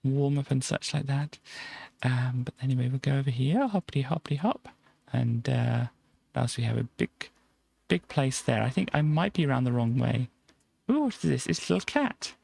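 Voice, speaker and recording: A man's voice: mid-range voice, moderate pace, vocal fry, a little mellow, slightly rough, no room sound. A man streaming a game, giving a playful, chatty tour of a build and tossing in silly sound effects. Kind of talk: casual gameplay commentary.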